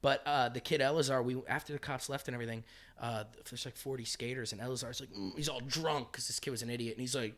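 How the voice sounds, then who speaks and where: Guy comedian telling wild stories on a podcast, swears a lot, really animated, acts out the quotes. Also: mid-range voice, fast talker. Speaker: comedian guest. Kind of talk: casual podcast storytelling.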